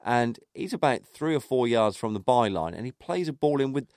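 A man co-hosting a casual football podcast, chatty and halting with many restarts. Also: medium pitch, lively intonation, darkish tone, no echo, clean studio sound. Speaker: podcast co-host.

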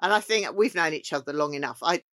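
A middle-aged woman from England, a chef guest, chatting casually and telling stories with quick laughs. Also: sits low, a bit bright, no echo, clean studio sound. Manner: chatty storyteller with quick laughs, acts out quotes. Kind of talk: casual interview chat.

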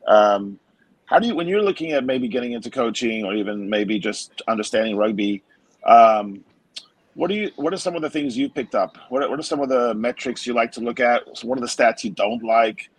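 A man's voice: mid-range voice, expressive, a little fast, breathy edge, low-quality recording. A man hosting a podcast, asking a guest thoughtful questions with some hesitation. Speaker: podcast host. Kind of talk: casual interview questions.

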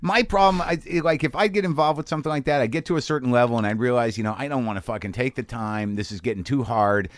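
A man's voice: mid-range voice, fast, hardly any pauses, no room sound. A man hosting a podcast, talking frankly in a loose, profane, rambling way. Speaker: podcast host. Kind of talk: casual chat.

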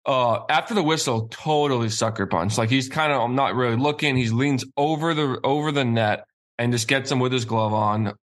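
A man's voice: medium pitch, normal speed. A man hosting a casual hockey talk show, building his points by repeating phrases and sounding incredulous.

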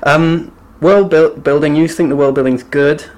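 A man's voice: fairly high pitch, fairly even intonation, moderate pace, a little mellow. Chatty British man with wry tag questions. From Britain. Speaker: podcast co-host. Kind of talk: casual book discussion.

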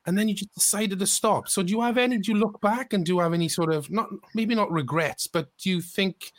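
High-ish voiced host guy, hyped and chatty, dry close sound. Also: fairly quick, no room sound. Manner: effusive, calls guest bro. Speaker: podcast host. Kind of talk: casual podcast chat.

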